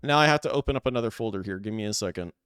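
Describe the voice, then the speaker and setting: A man's voice: fairly low pitch, animated, racing, a bit bright, soft background music. A man streaming a game live, chatting casually with his viewers and calling out dice rolls. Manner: chatty, talks to chat, rolls dice aloud.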